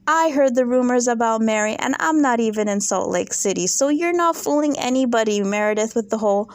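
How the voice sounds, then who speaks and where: A woman's voice: on the high side, expressive, a little fast, no room sound. A woman hosting a casual reality TV recap, opinionated and sarcastic. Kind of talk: casual commentary vlog.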